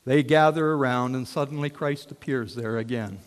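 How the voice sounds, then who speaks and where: A man preaching a sermon as a story, swinging from hushed tones to shouts. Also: mid-range voice, normal speed. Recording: long hall reverb.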